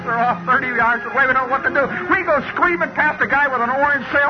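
A man telling a long story on the radio in a folksy, animated way, building up to shouts. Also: extremely high pitch, brisk. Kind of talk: spoken storytelling monologue. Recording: dull, hissy radio recording.

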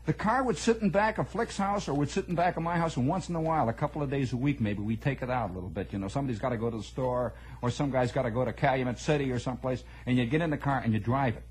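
A man telling a long personal story in an animated, conversational way, repeating words for emphasis. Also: mid-range voice, racing, few pauses, a little hiss or hum, low-quality recording. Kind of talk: spoken storytelling monologue.

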